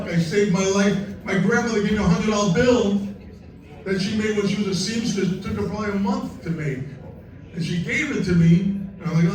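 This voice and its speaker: A man pours out a fiery, profane rant, growing heated as he mocks the people he quotes. His voice sits fairly high. He is heard from a distance in a big room that echoes heavily. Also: a little fast, a little mellow. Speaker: speaker at a crypto event. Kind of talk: impassioned storytelling rant. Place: large echoey event space.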